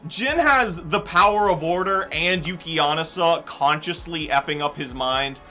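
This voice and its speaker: A man's voice: on the high side, normal speed, bright, forceful tone, soft background music. A young man streaming a game, chatting casually and going off on tangents, full of "like" and "um". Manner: rambling, tangent-prone, heavy use of "like" and "um". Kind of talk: casual chat while gaming.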